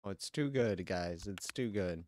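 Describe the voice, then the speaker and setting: Low-pitched and darkish, with lively intonation, this male livestreamer's audio carries a little hiss or hum. He chats casually while gaming, ranting, cursing and laughing quickly.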